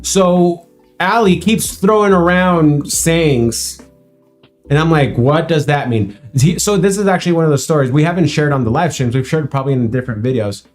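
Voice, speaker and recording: A man's voice: on the high side, normal speed, faint music behind. A young man, Spanish-speaking since childhood, telling stories in casual livestream chat and laughing often. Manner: chatty storyteller, laughs often. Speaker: co-host of livestream.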